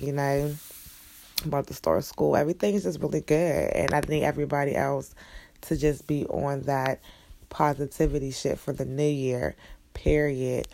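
Blunt, gravelly young woman ranting. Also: low-pitched. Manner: blunt, profane, animated ranting. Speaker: vlogger. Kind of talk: casual ranting monologue.

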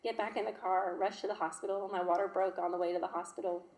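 A woman, telling a personal testimony in an emotional, halting way. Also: fairly low pitch, steady tone, darkish tone. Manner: emotional, halting, with fillers and restarts. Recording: echoey room.

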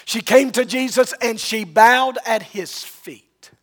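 A man's voice: very high voice, slow, a bit bright. A man preaching a sermon, telling a Bible story dramatically and acting out the voices of its people. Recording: long reverb of a large hall.

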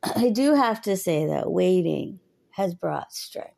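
A woman in her thirties shares her faith in an earnest, chatty way, often breaking into laughter. Her voice sits low and has a gravelly, fry-tinged edge. She speaks slowly, and the sound is dry and close. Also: lively intonation, warm tone, dry recording. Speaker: podcaster. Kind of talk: personal faith talk.

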